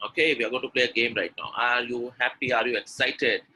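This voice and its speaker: A man's voice: mid-range voice, brisk, slight background noise, poor audio. A man with an Indian English accent, running a live webinar on pronunciation, drilling sounds aloud and urging the audience to type in the chat. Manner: energetic, repeats words, drills sounds aloud, coaxes chat replies. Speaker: spoken English trainer.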